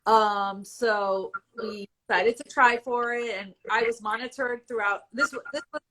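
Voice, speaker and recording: A woman's voice: a little high, steady tone, unhurried, bright, forceful tone, rough recording. A woman in her forties telling her own story as a patient in a live Q&A, candid and conversational, at times emotional. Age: 40s. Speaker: IVF patient guest.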